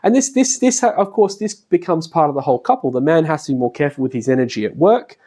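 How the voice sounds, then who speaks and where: A man's voice: a little high, lively intonation, fast talker, dark tone. A middle-aged man giving a casual spoken lecture, chatting, laughing often and acting out the voices of family members. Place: classroom.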